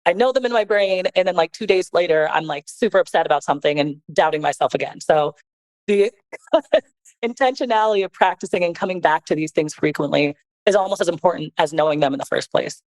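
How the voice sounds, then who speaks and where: A woman's voice: lowish voice, brisk, a little mellow, rough recording. A woman talking as a podcast guest and co-author, sharing advice in an earnest, reflective, conversational way.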